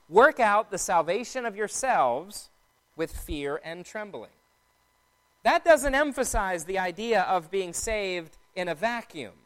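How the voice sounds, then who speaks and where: A man preaching a sermon in a measured, explanatory teaching tone. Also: sits high, fairly bright tone, clear, resonant tone.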